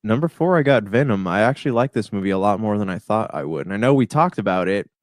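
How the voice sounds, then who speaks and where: Man, podcast co-host, lowish voice, laid-back, hesitant, dry close sound. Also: lively intonation, fast talker, no room sound. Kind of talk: casual movie review chat.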